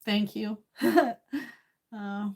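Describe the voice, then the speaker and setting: A woman's voice: mid-range voice, little pitch movement, extremely slow, vocal fry, a little mellow. Emotional, tearful woman in her sixties. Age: 60s. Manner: emotional, tearful and laughing by turns, many fillers. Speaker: live streamer. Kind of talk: casual live stream chat.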